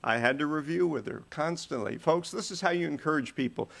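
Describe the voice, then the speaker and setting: A man's voice: fairly high pitch, brisk, gravelly, a bit bright. A man preaching a sermon, telling stories with shifting volume and pace.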